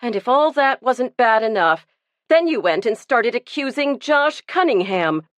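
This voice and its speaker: A woman reading the part of a sharp, determined amateur sleuth who questions bluntly and firmly. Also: a little high, big pitch swings, measured pace, no echo, clean studio sound, voice pushed up. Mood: outraged.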